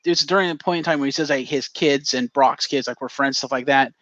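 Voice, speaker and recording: A man's voice: medium pitch, brisk, a bit bright, no echo. A man co-hosting a casual podcast, telling a story with energy and swearing freely. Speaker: podcast co-host. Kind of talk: casual chat. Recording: dull lo-fi dry sound.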